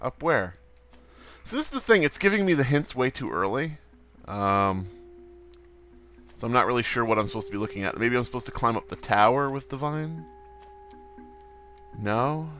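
A man's voice: mid-range voice, expressive, a little slow, long pauses, fairly bright tone, soft background music. Goofy man narrating his gameplay. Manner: goofy, muttering, swears, silly sound effects. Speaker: let's play host. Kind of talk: casual game commentary.

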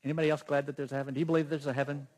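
Male pastor, husky timbre, emphatic sermon delivery. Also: on the high side, little pitch movement, very fast, darkish tone. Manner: emphatic, questions the congregation.

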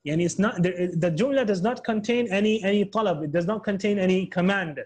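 In an online class, a man teaches Islamic studies in English, explaining step by step with lots of repeats and restarts. His voice is high with a darkish tone, and he reads Arabic quotations quickly before translating them into English.

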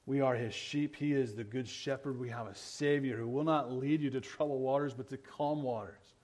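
A male pastor preaching a sermon, earnest, often checking in with the congregation and moving between loud emphatic lines and quiet low ones. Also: steady tone, moderate pace. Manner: earnest preaching, keeps asking the congregation "right?".

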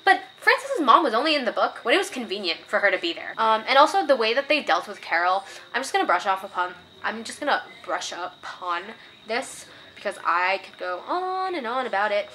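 A woman's voice: a little high, very animated, a little fast, bright, forceful tone, slight background noise. A young woman giving a casual book review, passionate and opinionated, getting worked up and reading quoted passages aloud.

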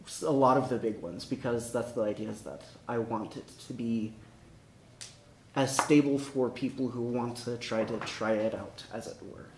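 A man presenting his software project at a meetup, talking casually and laughing often between answers. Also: mid-range voice, normal speed. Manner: laughing, upbeat, talks in bursts. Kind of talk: casual tech talk. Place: meetup room. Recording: echoey room with faint noise.

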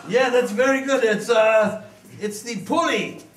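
A man hamming it up loudly as an emcee in an improv comedy scene. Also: extremely high pitch, measured pace, background noise. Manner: loud, hammy emcee. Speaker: improv performer. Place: stage with live audience. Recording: echoey stage with audience.

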